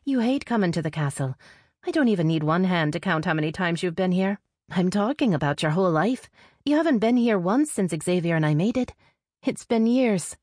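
Lady doing a nervy younger sister, pitched up, fretting, dry close audio. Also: lively intonation, brisk, darkish tone, no room sound. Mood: anxious. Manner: higher, anxious, pleading. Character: nervous young woman, worried sister.

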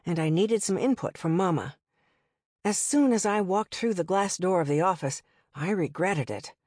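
A woman giving a measured, first-person audiobook narration. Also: mid-range voice, a little mellow, dry recording, clean studio sound.

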